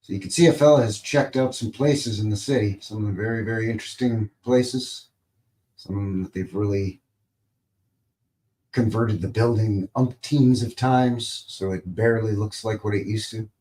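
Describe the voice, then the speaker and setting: Man, slightly low voice, casual live-stream host, rambling, playful. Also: normal speed, mellow. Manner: rambling, playful, makes goofy sound effects. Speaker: livestream host.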